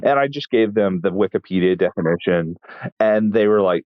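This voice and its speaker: Casting: low-pitched male chef from Texas, dry deadpan raconteur, muffled close podcast mic. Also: normal speed, no echo. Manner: wry, deadpan storytelling with frequent restarts. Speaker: chef and guest. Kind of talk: casual interview storytelling.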